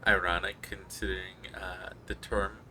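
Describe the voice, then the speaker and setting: A male streamer with a slightly hoarse throat, rambling in casual gameplay commentary. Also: sits low, flat delivery, a little slow, sharp tone, a little hiss or hum. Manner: rambling, profane.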